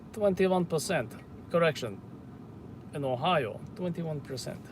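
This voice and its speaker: A man's voice: fairly high pitch, background noise. A man putting on a thick Russian accent. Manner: exaggerated put-on accent. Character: man, boastful about vodka.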